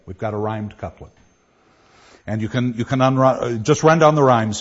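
A man teaching a class, explaining verse and reading lines aloud with pauses. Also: mid-range voice. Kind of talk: classroom lecture. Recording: dull lo-fi classroom recording.

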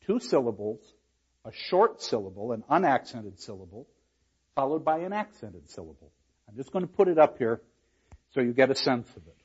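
A man's voice: medium pitch, sing-song, moderate pace, darkish tone, breathy edge, highs cut off. A man giving a university lecture on a play, explaining verse and reading lines aloud with dramatic emphasis. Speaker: literature lecturer.

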